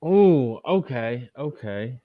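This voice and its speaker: A man's voice: medium pitch, expressive, slow pace, dry recording, narrow, tinny audio. A man co-hosting a casual sports podcast, starting hesitantly and repeating phrases before bold claims. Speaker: podcast co-host.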